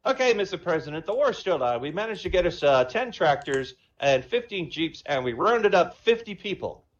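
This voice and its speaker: A man's voice: high voice, sing-song, moderate pace, pitched above the performer's own voice. A man voicing a brash, boisterous Irish pub regular who declares war, with a put-on Irish accent over a dull lo-fi voice chat. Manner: loud, boisterous, blustering.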